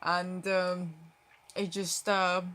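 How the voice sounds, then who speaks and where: A woman's voice: lowish voice, little pitch movement, very slow, fairly bright tone. A young woman vlogging at home on her phone, mumbling and rambling with lots of fillers. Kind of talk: casual talk to camera. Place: at home, indoors.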